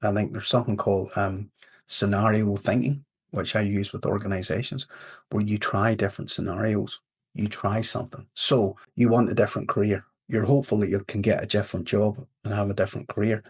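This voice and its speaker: A man's voice: on the low side, brisk, husky. A man from Northern Ireland with a Northern Irish accent, a leadership coach talking as a podcast guest and telling a story. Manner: storytelling, animated quotes in a fable. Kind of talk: casual interview talk.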